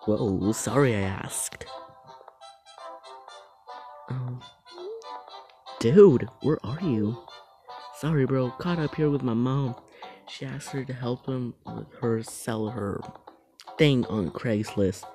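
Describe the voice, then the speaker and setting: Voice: mid-range voice, takes it slowly, pauses often, mellow, soft background music. A creator who reads funny texts aloud, laughing often and apologizing for it. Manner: laughs often while reading. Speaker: video creator.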